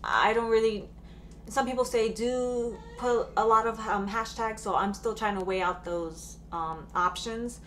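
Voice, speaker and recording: A woman in her thirties telling a story in a casual home vlog, chatty and full of fillers, with sudden bursts of excitement. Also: a little high, unhurried, a little hiss or hum. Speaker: vlogger.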